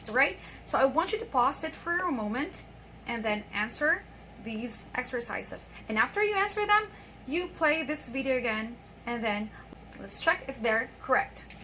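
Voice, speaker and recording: A woman teaching an online English pronunciation lesson, patiently reading example sentences and repeating them slowly. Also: high voice, expressive, bright, forceful tone, slight background noise, poor audio.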